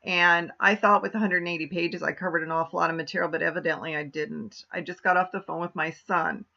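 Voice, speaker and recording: A middle-aged woman explains car insurance in a casual, storytelling vlog manner. Her voice is bright with a gravelly edge. The recording sounds slightly muffled and lo-fi. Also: fairly low pitch, steady tone, fast talker. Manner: chatty, storytelling, conversational.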